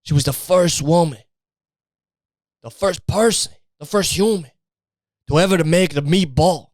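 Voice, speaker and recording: A man's voice: a little high, measured pace, no room sound, clean studio sound, natural voice. A man putting on a fake Italian accent to play a boastful Italian man who insists his family invented famous dishes. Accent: put-on Italian. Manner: insistent and grandiose, brushes off doubt.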